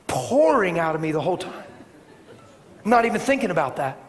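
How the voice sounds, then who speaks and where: A middle-aged man preaching a sermon, telling a story with animated swings from shouting to soft, hushed tones. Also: high voice, fairly quick, long pauses. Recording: echoey hall with faint ambience.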